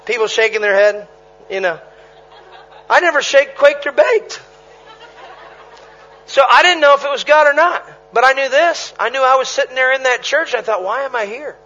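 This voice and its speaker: A man preaching a sermon, telling stories with animated energy, punchy repetition and bursts of laughter. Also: very high voice, lo-fi sound. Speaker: traveling preacher.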